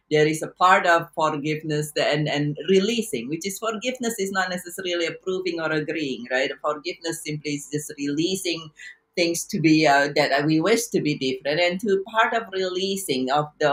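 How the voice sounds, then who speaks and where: A woman speaks to camera in a somewhat low voice, sharing a personal story as a coach. She is earnest and reflective, often stopping mid-phrase and starting again. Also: a bit bright. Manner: earnest, reflective, halting with many restarts. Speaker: life and business coach.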